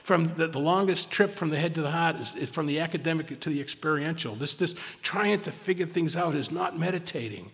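A man's voice: a little high, brisk, hardly any pauses, fairly bright tone. A man speaking at a recovery meeting, rambling and repeating himself, with self-mocking humor. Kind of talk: casual sharing talk. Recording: long reverb in a hall.

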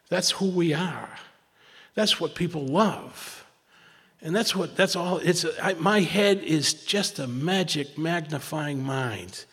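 A man's voice: a little high, big-room sound. A man telling personal stories at a twelve-step recovery meeting, rambling, restarting often and acting out what people said. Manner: rambling storytelling with many restarts and acted quotes.

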